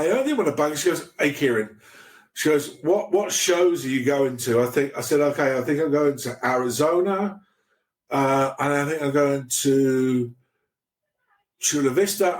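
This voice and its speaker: A man's voice: on the high side, lively intonation. A middle-aged man, a podcast guest, telling a story casually, often restarting his sentences with stammers. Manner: halting, with many restarts and stammers.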